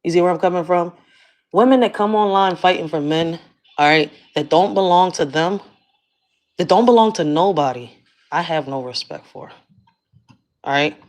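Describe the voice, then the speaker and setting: A woman's voice: fairly low pitch, normal speed, long pauses, a little mellow. Blunt, cursing woman ranting. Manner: blunt and profane, keeps asking "you see where I'm coming from". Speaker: vlogger. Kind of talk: casual rant to camera.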